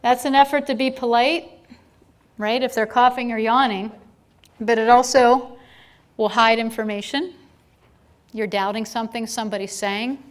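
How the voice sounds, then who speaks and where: A woman's voice: fairly high pitch, steady tone, moderate pace, long pauses. A woman presenting a live training seminar to a room of people, chatty, with playful asides and frequent checks of "right?".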